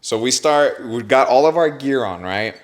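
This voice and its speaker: A man's voice: mid-range voice, moderate pace. Slangy young man telling a story. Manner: animated, slangy, says bro and dude a lot. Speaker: podcast host. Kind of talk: casual storytelling chat.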